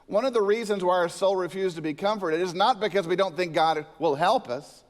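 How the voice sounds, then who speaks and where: A male senior pastor delivers a sermon in a slightly high voice. He moves between scripture and storytelling and presses hard on key words. The sound carries a long church-hall reverb. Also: fairly quick. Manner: storytelling preacher with a joke, animated emphasis.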